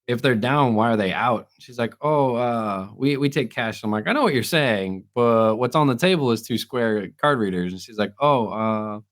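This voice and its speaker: A man's voice: mid-range voice, moderate pace, few pauses. A man co-hosting a casual podcast, telling a story, acting out other people's lines and laughing often. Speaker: podcast co-host. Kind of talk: casual chat.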